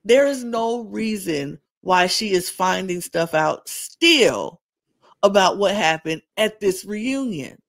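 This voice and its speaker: A co-host recapping reality TV in loose, animated chat, audibly incredulous and repeating key lines for emphasis. The pitch sits mid-range. The home video-call mic is dry, with no room sound. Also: slow pace, no room sound. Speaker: podcast co-host.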